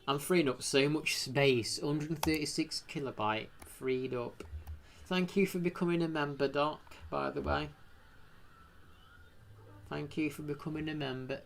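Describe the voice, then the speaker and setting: A man's voice: a little high, a little slow, creaky. Rambling British man streaming live. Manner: rambling, thanks chat members, sudden excited exclamations. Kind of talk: casual live-stream chat.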